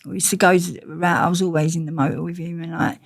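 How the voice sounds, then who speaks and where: Gravelly woman telling blunt stories. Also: fairly low pitch, fast talker. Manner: blunt, slangy, animated storyteller. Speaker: interview guest. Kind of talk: storytelling in an interview.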